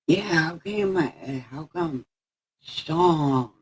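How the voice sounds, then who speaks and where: Slow, husky-voiced woman chatting on a livestream. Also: lowish voice, animated, low-quality recording. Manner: playful, rambling, repeats herself, laughs often. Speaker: livestream host. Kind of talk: casual livestream chat.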